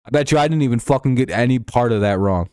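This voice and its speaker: A man's voice: mid-range voice, fast, a little mellow, dry recording. Profane, rambling streamer man, dry sound. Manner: rambling, profane, reads out chat messages. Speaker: live stream host. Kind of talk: casual live-stream chat.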